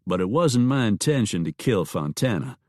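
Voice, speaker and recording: A man's voice: on the low side, very animated, normal speed, darkish tone, dry recording, studio quality. A man voicing an easygoing gunfighter and husband in a Western audiobook.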